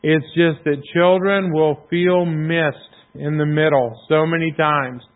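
A man's voice: fairly high pitch, steady tone, slow. Preacher man over a tinny line. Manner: conversational, self-deprecating, clears throat often. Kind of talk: sermon. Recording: tinny phone-like sound.

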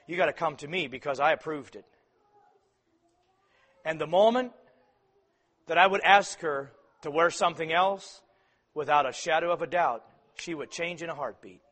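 Male preacher, high bright voice, sermon delivery moving between forceful emphasis and quiet asides. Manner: swings from loud emphatic peaks to soft quiet asides.

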